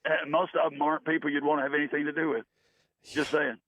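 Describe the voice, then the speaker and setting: A man's voice: fairly high pitch, little pitch movement, fast talker, no echo. A man from Tennessee calling in to a radio show, losing his voice, earnest and chatty. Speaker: caller. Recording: tinny phone line.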